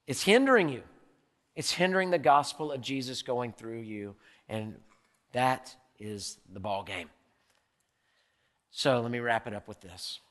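A middle-aged man preaching a sermon as pastor, impassioned, swinging from loud bursts to hushed lines. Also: mid-range voice, lively intonation, a little slow, pauses often, in a large hall.

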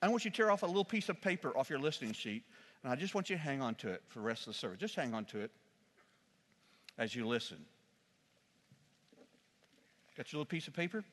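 A man, a pastor, preaching a sermon in a church, telling a humorous story with lively, shouted quotes. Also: mid-range voice, rapid-fire, in a large hall.

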